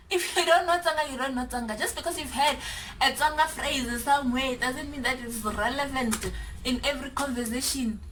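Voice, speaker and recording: A South African woman chatting to camera in an animated, exasperated and teasing way. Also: sits high, far from the mic, a little hiss or hum. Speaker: YouTuber. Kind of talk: casual vlog chat.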